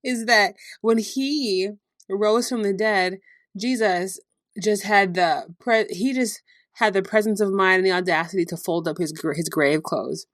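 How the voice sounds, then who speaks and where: Lively, laughing woman teaching Bible stories. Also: mid-range voice, a little slow, no echo, clean studio sound. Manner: lively storytelling with frequent laughter. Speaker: podcast host. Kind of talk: devotional podcast teaching.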